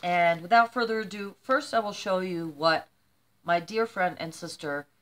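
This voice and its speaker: A woman's voice: fairly low pitch, normal speed, fairly bright tone. Older lady vlogger, rambly and emotional, a bit teary, just chatting to camera. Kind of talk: casual chat to camera.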